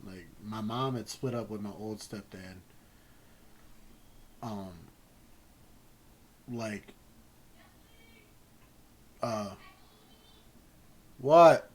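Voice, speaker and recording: Low-voiced man telling a story haltingly. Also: fairly even intonation, poor audio. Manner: rambling, halting, swears freely. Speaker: gaming channel host. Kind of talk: casual personal storytelling.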